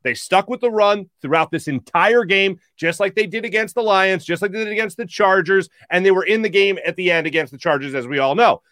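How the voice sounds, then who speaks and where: A man's voice: sits high, fairly quick, hardly any pauses, a bit bright, no echo, studio quality. A man hosting a casual sports podcast, giving emphatic game analysis. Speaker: podcast host.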